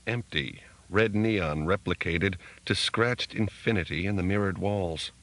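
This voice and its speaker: Deep-voiced male audiobook narrator. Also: measured pace, fairly bright tone, poor audio. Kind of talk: scripted narration.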